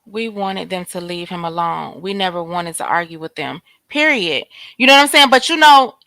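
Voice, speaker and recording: A woman's voice: fairly low pitch, expressive, moderate pace, pushed and bright. A woman hosting a casual live commentary chat, blunt and slangy, talking straight to her viewers. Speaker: host.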